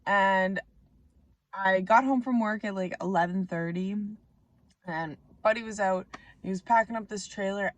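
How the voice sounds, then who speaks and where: Raspy-voiced woman chatting to camera. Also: medium pitch, measured pace, long pauses, dry recording. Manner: rambling, chatty, self-mocking. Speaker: vlogger. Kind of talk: casual chat to camera. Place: Canada.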